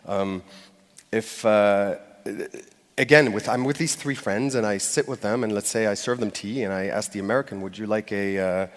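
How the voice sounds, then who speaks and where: A man's voice: fairly low pitch, moderate pace. A man giving a live public talk from a stage, speaking conversationally with fillers and restarts and acting out short quoted phrases with light laughs. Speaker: conference speaker. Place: stage in a large hall. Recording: long hall reverb.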